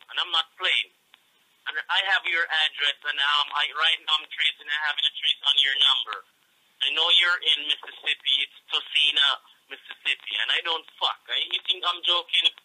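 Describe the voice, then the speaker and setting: A man with a Jamaican accent rants and threatens down the phone, swearing at nearly every turn. His voice sits a little high and rings very bright and sharp. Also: poor audio. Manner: profane, threatening, ranting. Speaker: phone scammer. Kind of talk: angry phone call.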